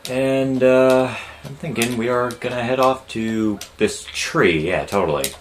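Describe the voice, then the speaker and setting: A young man hosting a let's play, chatting casually and rambling with jokes and loud outbursts at the game. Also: mid-range voice, unhurried, a little hiss or hum. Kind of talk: casual gameplay commentary.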